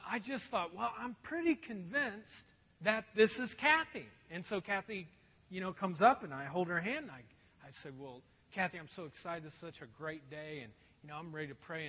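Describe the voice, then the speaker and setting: A man pastor telling a story in a sermon, animated and poking fun at himself. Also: sits high, slightly rough. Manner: animated, self-mocking storytelling. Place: church auditorium. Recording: dull echoey hall recording.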